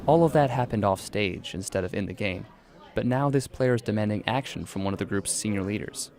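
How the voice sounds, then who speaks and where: A man narrating a scripted radio news feature as a reporter, in a measured, even delivery. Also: lowish voice, noisy background.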